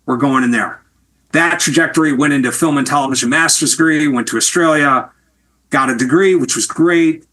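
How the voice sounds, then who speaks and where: A middle-aged man from Wisconsin, a TV producer answering interview questions with long, lively stories. His voice is bright and sits a little high. He talks candidly and swears freely. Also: a little fast. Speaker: TV producer and guest.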